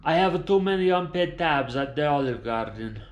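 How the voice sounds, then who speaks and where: A man's voice: a little high, lively intonation, moderate pace, dull audio, natural voice. A man voicing a dying father who speaks in a grave, mock-solemn way. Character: dramatic dying Italian-American father. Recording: roomy echoing room.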